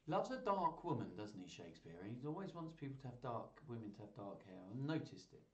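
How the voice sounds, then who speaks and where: Lively man reading a story. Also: mid-range voice, brisk. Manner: playful, chatty, reads comments aloud. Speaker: storyteller hosting a live stream. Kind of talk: reading a children's story with chatty asides. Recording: roomy echo.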